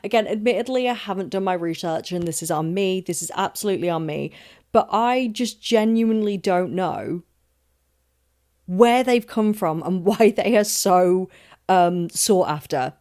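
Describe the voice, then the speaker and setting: Young woman, solo podcast host, rambling casual rant, swears a lot, mid-pitched voice. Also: normal speed, a little mellow. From London. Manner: chatty, rambling and emphatic, with frequent swearing and self-asides.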